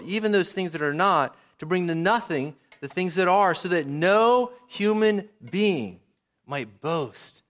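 A male pastor delivers a sermon, with his pitch rising and falling in a lively way. His voice sits a bit high for a man, and he works through a string of rhetorical questions to the congregation. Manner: animated preaching with rhetorical questions. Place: church.

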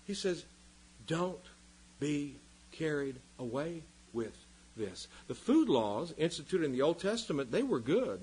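A man preaching a sermon with passion, rising to loud emphasis and dropping low again. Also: a little hiss or hum, low-quality recording. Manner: impassioned, swings from loud emphasis to quiet.

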